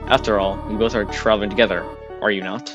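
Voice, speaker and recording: A soft-spoken motherly goat-woman from a game, formal and unhurried, as a man reads her without putting on a voice. His voice sits low, and clear game music plays beneath the lines. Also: fairly even intonation, dull audio, lightly acted. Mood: kindly.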